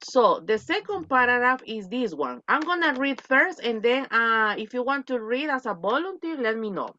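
A woman's voice: a little high, sing-song, moderate pace, sharp tone, no echo, lo-fi sound. A woman English teacher on a video call, reading a story aloud and drilling pronunciation, switching between English and Spanish. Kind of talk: online English lesson for Spanish speakers.

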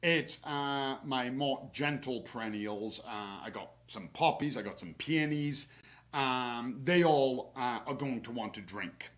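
A horticulturist man talks through spring garden care in a relaxed, easygoing webinar. His voice sits at an ordinary middle pitch. He rambles a little, with plenty of "uh" and "um," and jokes at his own slips. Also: measured pace. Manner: chatty and relaxed, many fillers, laughs at himself; gives practical tips from his own yard. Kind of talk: casual instructional webinar.

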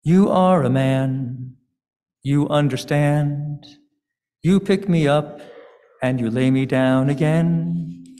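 A man's voice: on the high side, slow, dark tone. A man voicing innocent young Isaac, who asks questions and pleads. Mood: pleading. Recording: long hall reverb.

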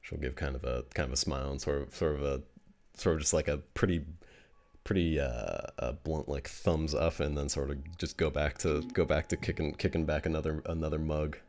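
A man with a very deep voice runs a tabletop session, narrating in halting bursts full of fillers and restarts. He talks into a home mic on a voice call. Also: steady tone, darkish tone. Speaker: game master.

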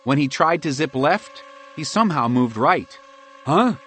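A man narrating a children's audiobook with lively, expressive storytelling. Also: medium pitch, moderate pace, slight background noise.

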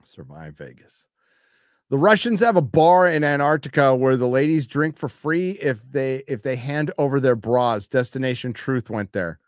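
A man's voice: medium pitch, moderate pace, few pauses, no room sound, clean studio sound. A man hosting a live stream, chatting casually and reading donations in a crude, joking, rambling way. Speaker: show host reading donations.

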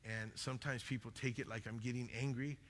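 Loud, passionate preaching man. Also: mid-range voice, fast, big-room sound. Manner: loud, passionate, animated storytelling. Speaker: pastor. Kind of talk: sermon. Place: church sanctuary.

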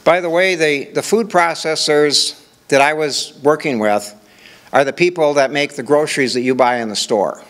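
A man's voice: a little high, moderate pace, a bit bright. An older man from Minnesota giving a conversational conference presentation, walking through examples with rhetorical questions. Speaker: conference speaker.

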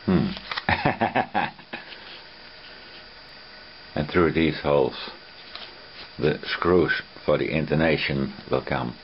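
Very deep, slow-talking man. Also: reverberant, dull audio, slight background noise. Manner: unhurried, plain-spoken, with dry self-deprecating humor. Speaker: guitar builder. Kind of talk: casual narration of a workshop build.

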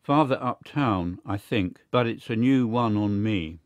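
A cool, confident secret service agent, as a man reads him, brisk and matter-of-fact in a low voice. The reading is close and dry. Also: dry recording, natural voice.

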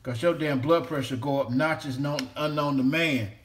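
A man rambles through a home cooking video, swearing at nearly every turn. His voice sits a little high for a man, and a faint hiss runs under the sound. He talks loosely, as if to a friend in his kitchen. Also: normal speed. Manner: profane, rambling, talks to a toy. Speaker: home cook vlogger. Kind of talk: casual cooking vlog.

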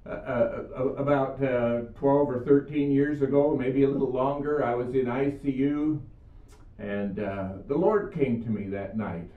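A man's voice: medium pitch, unhurried. An older man giving an earnest sermon, telling Bible stories and his own healing story. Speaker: preacher. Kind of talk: video sermon. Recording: echoey room, far mic, phone-like sound.

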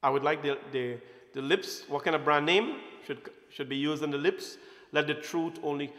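A man's voice: a little high, moderate pace, fairly bright tone. Playful man. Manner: playful, asks the audience questions. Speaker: temple speaker. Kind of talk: informal satsang talk. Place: temple hall. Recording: roomy hall echo.

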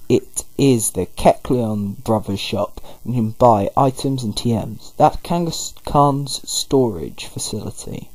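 A man's voice: mid-range voice, animated, slow pace, hardly any pauses, darkish tone, breathy edge, dry recording, rough recording. Rambling male let's-play narrator. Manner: rambling, loose, full of fillers. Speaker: gaming video host. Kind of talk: casual let's-play commentary.

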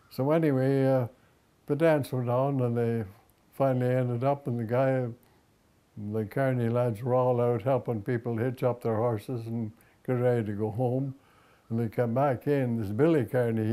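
Older man, folksy rambling storyteller, mellow dark voice. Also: medium pitch. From Upper Ottawa Valley, Canada. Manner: folksy, rambling, tag questions. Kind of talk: reciting a ballad and telling a folk anecdote.

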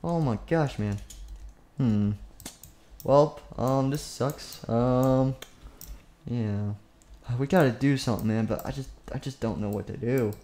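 A man's voice: medium pitch, slow, pauses often, warm tone. A young man, a YouTuber, playfully narrating a game machinima with lots of fillers. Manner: rambling, silly, full of fillers.

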